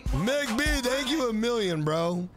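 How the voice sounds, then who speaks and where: A man around forty chatting live on stream with a fairly high, very lively voice that swings up and down constantly. He hypes his viewers and reads out their names with loose, profane energy. Faint music plays quietly behind him. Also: a little slow. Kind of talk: casual live-stream chat.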